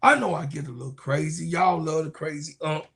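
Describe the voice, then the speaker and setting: A man in his fifties ranting casually to viewers as a sports commentator, animated and profane, often repeating his phrases. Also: fairly high pitch, brisk, gravelly. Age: 50s. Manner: animated, profane, keeps repeating "you know what I'm saying".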